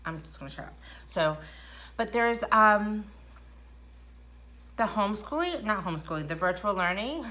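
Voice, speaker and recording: A woman's voice: mid-range voice, lively intonation, moderate pace, pauses often, sharp tone. A middle-aged woman chatting casually through a makeup tutorial at home, rambling and self-deprecating. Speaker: makeup vlogger. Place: indoors at home.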